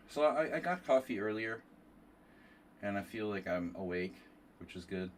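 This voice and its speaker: A man's voice: fairly low pitch, expressive, moderate pace, long pauses, recorded from a distance, a little hiss or hum. A man with a nasal voice hosting a casual chess livestream, rambling and joking with his chat between moves. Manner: rambling, self-deprecating asides to chat. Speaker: chess streamer hosting a tournament. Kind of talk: casual livestream commentary while playing.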